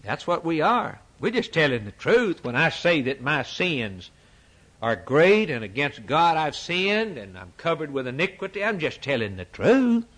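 A man's voice: on the high side, big pitch swings, measured pace, fairly bright tone. Emphatic folksy preacher, a man. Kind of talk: sermon.

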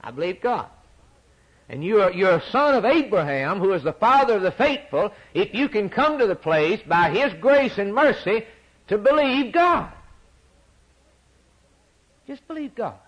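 A male preacher delivers a sermon with a fairly high voice. His pitch leaps and falls with wide, lively movement. He drops to near-whispers and then climbs back to ringing declarations, repeating phrases to drive them home. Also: a little slow, long pauses, breathy edge, lo-fi sound. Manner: dramatic swings from loud to hushed, repetitive emphasis.

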